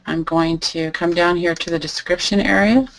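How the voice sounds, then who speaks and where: A woman teaching a live online lesson, calmly thinking aloud as she types through each step. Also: fairly low pitch, moderate pace, a little hiss or hum, low-quality recording. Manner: relaxed, thinking aloud while typing. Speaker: online selling instructor. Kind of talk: live screen-share tutorial.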